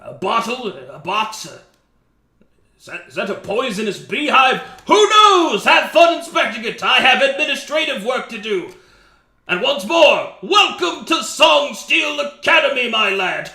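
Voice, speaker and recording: A man doing a big, jolly warrior trainer who belts his lines out high and loud and swings his pitch up and down with gusto. The delivery is bright and theatrical. The room adds a noticeable echo. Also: big pitch swings, a little slow, pauses often, heavily acted. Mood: hearty.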